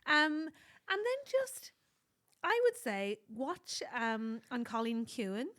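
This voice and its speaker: An Irish woman co-hosting a podcast, chatty and animated, handing out advice with the odd swear word. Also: fairly high pitch, slow. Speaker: podcast co-host. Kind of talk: casual chat.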